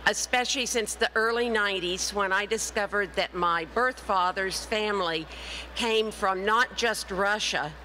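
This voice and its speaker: A middle-aged woman giving a conference talk as an author, telling her story in a lively way and acting out the voices of people she quotes. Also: medium pitch, slight background noise, poor audio. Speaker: author and speaker. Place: conference session room.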